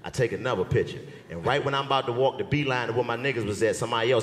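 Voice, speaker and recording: A man's voice: mid-range voice, very fast. A man telling a comic story on stage, acting out the people in it as he goes. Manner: animated storyteller acting out quotes. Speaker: comedian. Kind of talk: storytelling stand-up banter. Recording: live venue with long reverb.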